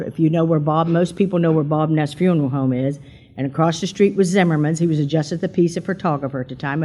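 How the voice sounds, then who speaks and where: A woman's voice: low-pitched, darkish tone. Chatty older woman telling her testimony. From Pennsylvania. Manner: chatty storyteller, acts out quotes in a raised voice. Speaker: church member giving testimony. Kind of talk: personal testimony to a congregation.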